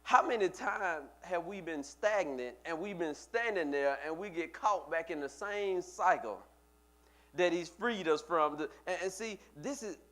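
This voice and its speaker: A pastor delivering a sermon in a casual, conversational way. His voice sits a little high for a man. He often stumbles into repeated words and speaks straight to his congregation. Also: lively intonation, a little slow, fairly bright tone.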